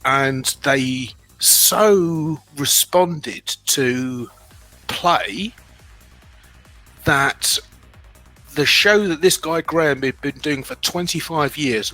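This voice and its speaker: A man's voice: medium pitch, sharp tone, poor audio. A middle-aged man with a British accent, telling his own story as a guest in a candid, self-deprecating way, often restarting his sentences.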